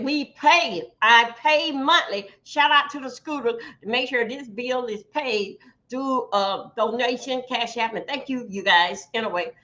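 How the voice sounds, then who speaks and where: A woman's voice: high-pitched, bright, forceful tone, muffled recording. A woman hosting a livestream, talking chattily to her viewers. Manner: chatty, addresses viewers as "y'all". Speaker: livestream host. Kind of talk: livestream commentary.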